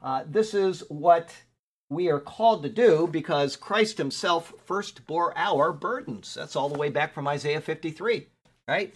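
A man's voice: fairly high pitch, measured pace. Conversational male Bible teacher. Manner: conversational, digresses while looking up verses; reads scripture aloud with rising emphasis. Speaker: pastor.

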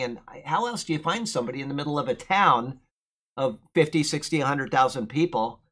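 A man teaching verse by verse through a letter of scripture. He reads the verses with emphasis, then drifts into relaxed, musing asides. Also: medium pitch, fairly quick. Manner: earnest, emphatic when quoting scripture, loose asides. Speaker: Bible teacher. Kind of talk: verse-by-verse Bible commentary.

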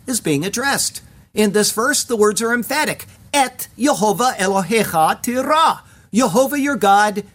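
A Bible teacher works through scripture verse by verse in a measured, deliberate sermon voice. Hebrew words are pronounced carefully along the way, and now and then the teacher turns to the listeners with a direct question. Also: medium pitch, a bit bright.

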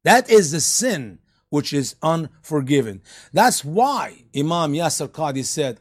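Emphatic high-voiced man teaching a study. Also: big pitch swings, unhurried. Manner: emphatic, sarcastic, rising to loud peaks. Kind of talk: church study lecture.

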